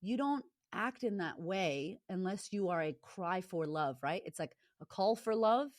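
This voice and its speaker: A woman's voice: mid-range voice, lively intonation, unhurried, dry recording, studio quality. A middle-aged woman talking candidly as an interview guest, blunt and frank, swearing freely. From Latina, grew up in a rough neighborhood. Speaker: guest, confidence coach.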